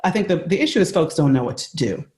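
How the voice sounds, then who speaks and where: A woman's voice: low-pitched, sing-song, quick pace, a little mellow, echoey room. An American woman, a leadership coach, giving earnest, emphatic answers with examples on a video call. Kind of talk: conversational interview answer.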